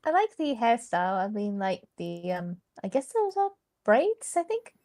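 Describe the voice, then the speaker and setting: A woman's voice: mid-range voice, sing-song, normal speed, a little mellow. A woman co-hosting a live stream, chatting playfully and giggling. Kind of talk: casual live-stream chat.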